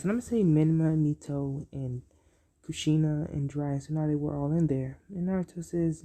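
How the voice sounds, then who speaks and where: Fan-fiction storyteller, very dark mellow tone, rambling, lots of ums, casual improvised narration. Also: mid-range voice, moderate pace. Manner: rambling, full of ums and "so, yeah".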